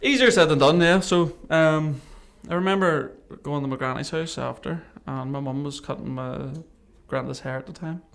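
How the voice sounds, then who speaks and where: This podcast guest is a man with a fairly high, fry-tinged voice who speaks at a moderate pace with few pauses. He recounts a personal story in a lively, casual interview, acting out remembered dialogue.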